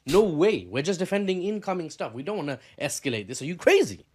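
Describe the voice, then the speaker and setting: A man's voice: on the high side, sing-song, quick pace, darkish tone, husky. Defensive, pleading Gulf official, as a male commentator puts him on.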